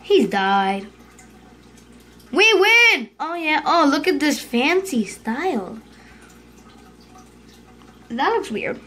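A female host giving casual commentary over her gameplay, excitable, yelping and urging herself on, dropping to hushed whispers when scared. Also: sits high. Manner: excitable, yelps and shrieks, fast repeated urging. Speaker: gaming video host.

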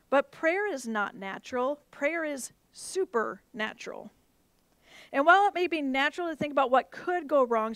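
A woman pastor preaching a sermon, earnest, moving between soft, intense passages and emphatic rises. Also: high voice, no echo.

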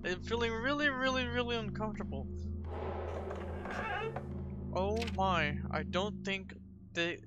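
A man commenting on a horror game as he plays, easily frightened, repeating himself over and over and yelling and swearing in alarm. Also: high voice, measured pace, pauses often. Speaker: gaming channel host. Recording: dull lo-fi with game music. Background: game soundtrack music.

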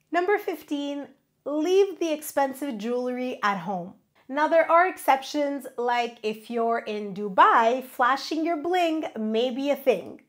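High-voiced woman giving travel tips. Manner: friendly, advising, list-style delivery. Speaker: travel vlogger. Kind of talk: scripted travel tips to camera.

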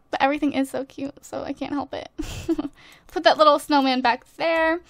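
At normal speed and with fairly even intonation, a high-pitched woman chats over a life-simulation game. The gaming YouTuber is bubbly, gushes to viewers and laughs often in casual let's-play commentary, using a desk USB microphone with no room sound.

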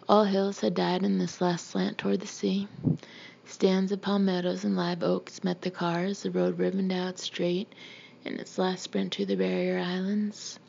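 A woman reading a novel aloud in a plain, unhurried way, on a dull lo-fi recording. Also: mid-range voice, vocal fry, darkish tone, breathy edge. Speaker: audiobook reader.

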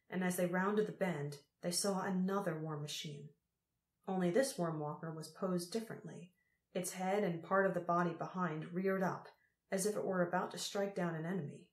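A woman narrating an audiobook in a steady, measured way. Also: fairly low pitch. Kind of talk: scripted narration. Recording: roomy echo.

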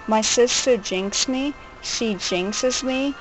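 A woman's voice: medium pitch, measured pace, fairly bright tone, rough recording. A woman groaning, whining and being sarcastic while streaming a handheld game at home. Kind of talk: live game stream commentary. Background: faint game music.

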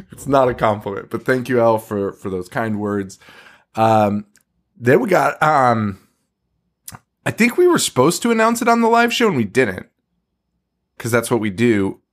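A man's voice: mid-range voice, very animated, unhurried, pauses often. A young man co-hosting a podcast, chatting casually, swearing and laughing often. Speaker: podcast co-host.

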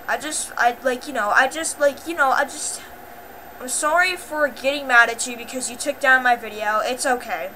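A woman with a fairly high, sharp, bright voice talks straight to her viewers in a loose, unscripted vlog. She rambles and stops herself often, leaning on filler words and saying the same pleading lines again and again. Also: a little hiss or hum, poor audio. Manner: pleading, repetitive apologizing. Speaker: channel owner. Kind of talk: casual apology vlog.

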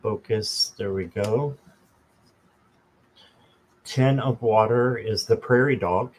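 Slow-talking man hosting a live stream. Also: on the low side, a little mellow, poor audio. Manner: slow, chatty, talks to viewers by name, jokes. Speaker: tarot reader and channel host. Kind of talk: casual live-stream chat.

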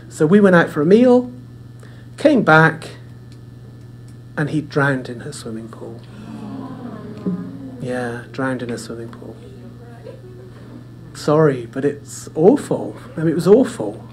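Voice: mid-range voice, sing-song, takes it slowly, long pauses, slight background noise. A speaker giving a forum talk, chatty, often repeating words and addressing the audience directly, in an indoor room. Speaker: speaker at a dementia care forum. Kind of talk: presentation with personal storytelling.

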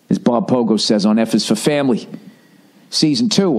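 A man's voice: medium pitch, brisk, darkish tone. A man hosting a podcast, telling rambling comedic stories in a profane, conversational, self-mocking way. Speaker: podcast host.

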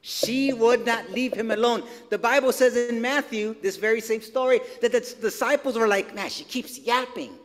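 A man's voice: very high voice, fairly even intonation, moderate pace, hardly any pauses, big-room sound. A male pastor preaching a sermon in a church, talking in a loose, conversational way with casual slang and repeated phrases. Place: church sanctuary.

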